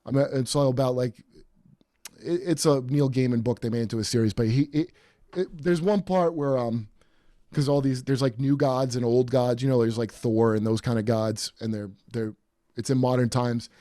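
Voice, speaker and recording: A man hosting a podcast in casual chat, rambling and animated with many fillers and restarts. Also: mid-range voice, normal speed, no room sound, studio quality. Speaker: podcast host.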